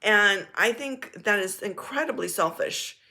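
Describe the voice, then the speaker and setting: A woman vlogger telling a casual story in a frank, animated and blunt way, now and then swearing. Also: medium pitch, measured pace.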